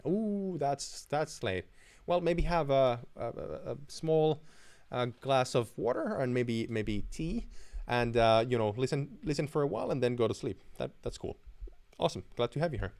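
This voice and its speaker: A man's voice: mid-range voice, big pitch swings, moderate pace, creaky, a little mellow. A young man from Finland hosting a live stream and answering viewer questions in a chatty way, with many restarts and fillers.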